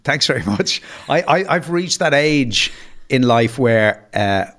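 A man's voice: mid-range voice, animated, takes it slowly, a bit bright. A man, a podcast guest, telling comic anecdotes in a self-deprecating way, often stumbling and restarting his sentences. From Ireland. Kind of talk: anecdotal storytelling.

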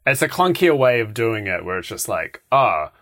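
A man's voice: mid-range voice, sing-song, a little fast, fairly bright tone. A man co-hosting a casual film podcast, adding dry, joking asides to the discussion. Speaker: podcast co-host.

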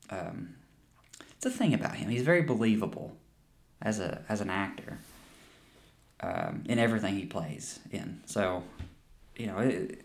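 Young guy on a podcast, kinda low voice, rambly, swears a ton, keeps restarting sentences. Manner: rambling, profane, with frequent restarts and laughs. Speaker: podcast host. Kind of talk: casual movie review chat.

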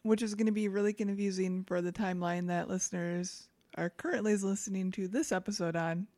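A woman co-hosting a relaxed podcast, with a middle-pitched voice. She speaks in a dry, low-key way, with understated quips. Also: a little fast. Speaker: podcast co-host. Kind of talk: casual podcast chat.

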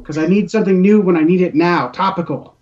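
A man's voice: high-pitched, fast talker, darkish tone, recorded from a distance, dull audio. A man in a casual podcast chat, blunt and swearing.

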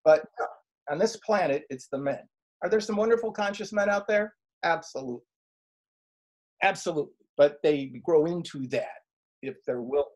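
Middle-aged male life coach, slightly husky voice, animated interview storyteller who acts out his quotes. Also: fairly high pitch, moderate pace.

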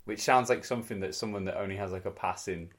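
A man with a fairly low voice chimes in on a casual podcast with quick, dry asides and short agreeing replies. He speaks at a brisk pace, never taking over the conversation. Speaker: podcast co-host.

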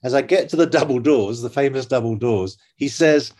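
An older man, an actor guest, telling stories in lively conversation and acting out the voices of the people in them. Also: medium pitch, fairly quick. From England. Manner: animated anecdotes, acting out quoted voices. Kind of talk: conversational storytelling.

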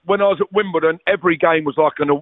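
A man's voice: a little high, fairly even intonation, racing, dry recording. A middle-aged man, telling rambling stories as a guest, with swearing and restarts. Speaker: guest, former footballer. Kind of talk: casual storytelling chat. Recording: tinny phone-like audio, dry.

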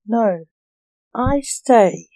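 A storyteller reading the lines of a stubborn old male zombie who snaps back curtly, in a slow, mellow, dry voice. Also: mid-range voice, dry recording, lightly acted. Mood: insistent.

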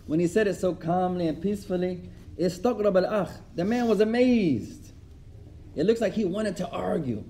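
Man teaching religious class, rapid pace, mellow darker tone, animated storytelling, faint background hum. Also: sits high. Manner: animated storytelling, repeats lines for emphasis. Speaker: Islamic studies teacher.

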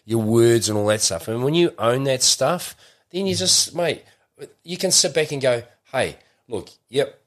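A man's voice: mid-range voice, normal speed. A middle-aged man, talking in a rambling way full of fillers and restarts in a casual interview. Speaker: podcast guest.

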